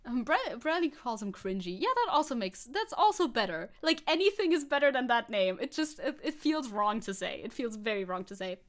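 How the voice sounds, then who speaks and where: Animated, laughing woman streamer. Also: fairly high pitch, a little fast, few pauses. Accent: non-native English accent. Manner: rambling, self-mocking, frequent laughs and restarts. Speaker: VTuber streamer. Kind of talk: casual livestream chat reacting to a video.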